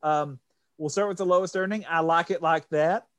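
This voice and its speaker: A man's voice: fairly high pitch, steady tone, normal speed, no echo, studio quality. A man hosting a casual podcast, reading out box office figures in a jokey way. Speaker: podcast host. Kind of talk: casual chat.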